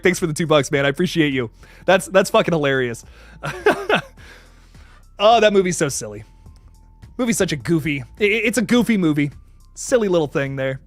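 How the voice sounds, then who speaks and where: A young man hosts a casual livestream, reading out viewer messages, laughing often, stumbling over his words and swearing casually. His voice is a little high, and the recording is dry.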